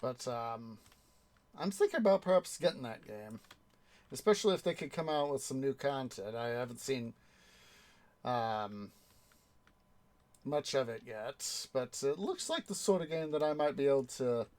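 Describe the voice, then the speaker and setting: Slow, rambling young man gaming. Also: medium pitch, animated, darkish tone. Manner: rambling, hesitant, many fillers. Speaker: gaming channel host. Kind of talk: casual gameplay commentary.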